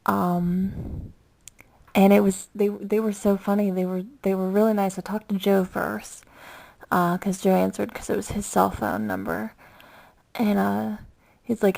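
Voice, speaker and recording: A woman vlogging in a casual, chatty way, excitable and rambling, giggling often and using many fillers. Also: mid-range voice, a little slow, gravelly.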